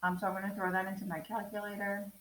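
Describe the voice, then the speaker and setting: A woman's voice: mid-range voice, flat delivery, fast talker, reverberant, slight background noise, poor audio. A woman in her thirties teaching a math lesson to a remote class, chatty, with lots of ums as she walks through each step. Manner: chatty, many ums, talks through steps.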